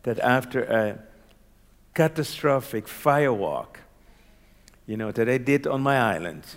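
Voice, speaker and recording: In a large hall, a doctor from Curaçao tells a personal story in conversation with a mid-range voice. He is animated, laughs often, and checks that his listener is following along.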